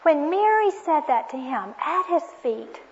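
Preaching in an earnest, reflective manner, a woman with a high voice often asks her listeners questions, her pitch swinging widely at a slightly slow pace. The audio is dull and lo-fi.

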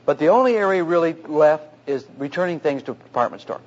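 A man's voice: on the high side, quick pace. A man who is a pastor, preaching earnestly through a personal story about marriage, in a dull lo-fi recording. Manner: earnest, anecdotal, animated retelling.

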